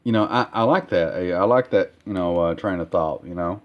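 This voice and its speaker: A man talking casually in a vlog about his comic art, halting with many fillers and repeated words. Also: sits low, highs cut off. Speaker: comic artist vlogger. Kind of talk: casual progress-update vlog.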